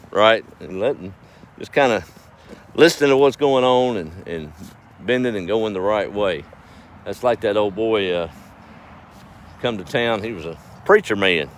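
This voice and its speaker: A man telling folksy farm stories on a casual livestream, chuckling as he rambles. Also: on the low side. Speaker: farm vlogger.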